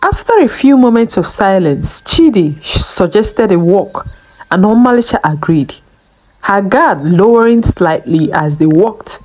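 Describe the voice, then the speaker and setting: Slow, lilting woman storyteller. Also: medium pitch, animated, a little mellow, rough recording. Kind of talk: scripted folktale narration.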